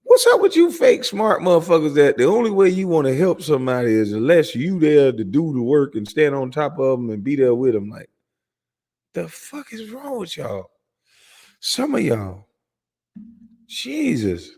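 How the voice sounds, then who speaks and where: Gravelly, animated man ranting. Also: on the high side, normal speed, big-room sound. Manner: profane, mocking, ranting. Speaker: host reacting to a clip. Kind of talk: heated reaction commentary.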